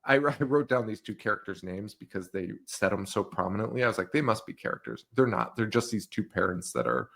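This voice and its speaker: A man's voice: on the low side, expressive, fairly quick, creaky, few pauses, a bit bright. A man co-hosting a movie podcast in casual chat, joking and laughing often as he recaps scenes. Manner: joking, laughs often, acts out silly quotes. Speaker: podcast co-host.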